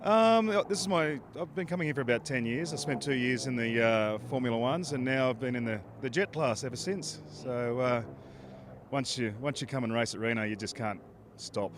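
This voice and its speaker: A man's voice: medium pitch, moderate pace. A man with an Australian accent, a racing pilot, answering interview questions in a laid-back way with dry humor, outdoors at an air race. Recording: faint outdoor background noise.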